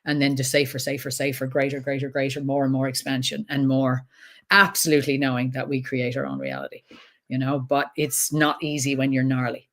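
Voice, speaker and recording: A woman's voice: rumbling low, little pitch movement, a little fast. A woman guest in a casual interview, talking as a trauma expert in an earnest, folksy way and repeating words to drive points home.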